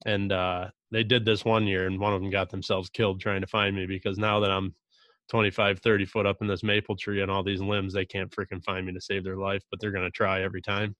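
A man with a low voice talks through a hunting story in an easygoing, unhurried way. His pitch barely moves, and his delivery stays steady and plain. The recording sounds dry and close. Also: no echo. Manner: relaxed, drawn-out storytelling with mild cursing. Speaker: podcast host. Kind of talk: casual hunting chat.

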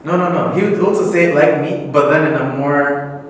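A man's voice: fairly high pitch, a little fast. Kenyan man talking in an echoey hall. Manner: animated, explains with many restarts. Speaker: host. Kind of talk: casual chat. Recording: roomy echo, distant mic, faint noise.

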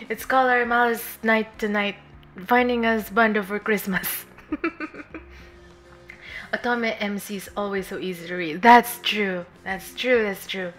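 A chatty woman streamer with a bright, forceful voice that sits a little high. She giggles often and reads lines aloud as she plays. Soft game music hums faintly underneath. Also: fairly even intonation, measured pace. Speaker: VTuber streamer. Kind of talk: casual game stream chat.

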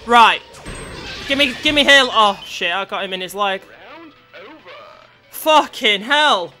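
A woman with a high, bright voice swears and shouts her way through a hard game as she comments on her own play. She talks quickly and is easily frustrated, and she yells at the enemies on screen. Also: animated, soft background music. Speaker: gameplay commentator.

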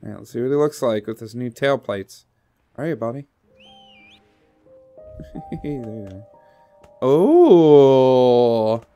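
A man's voice: medium pitch, moderate pace, pauses often, darkish tone, lo-fi sound, faint music behind. A man streaming a game, giving live commentary, laughing often and talking to the character on screen and to his viewers.

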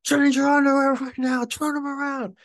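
A man voicing a yelling, bossy male drill sergeant in a strained high shout. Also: steady tone, normal speed, vocal fry, no room sound, studio quality. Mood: barking. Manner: barking orders, shouted and high.

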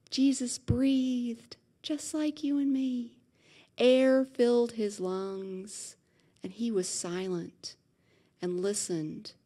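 A woman preaching a vespers sermon, gentle and reflective, rising to animated moments with laughter. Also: mid-range voice. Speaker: pastor. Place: chapel at a retirement community.

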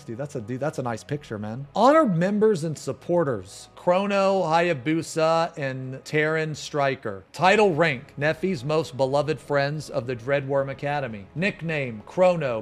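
A male streamer reacting casually on a live stream, reading text aloud, laughing and swearing with sudden excited outbursts. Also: a little high. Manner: excitable, laughs often, swears, quick exclamations.

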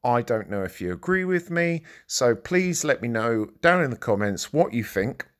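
A man's voice: medium pitch, big pitch swings, moderate pace. Sarcastic man reacting to news. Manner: sarcastic, reads text aloud and interjects. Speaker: commentary vlogger.

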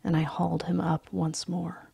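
A woman reading a story aloud in a hushed, breathy, soft-spoken voice. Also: lowish voice, flat delivery, moderate pace, no room sound, clean studio sound. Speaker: story reader.

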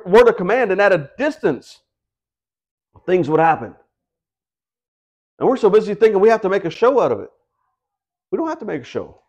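A man's voice: high-pitched, darkish tone. A man preaching a house-church sermon in a conversational way, acting out quoted voices and asking the congregation questions. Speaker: pastor.

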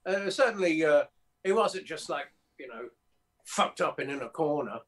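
A record producer, his voice slightly high, recounts his studio days as a guest in a relaxed, casual interview. His storytelling is anecdotal and rambling, full of fillers and quick restarts, and he acts out quotes.

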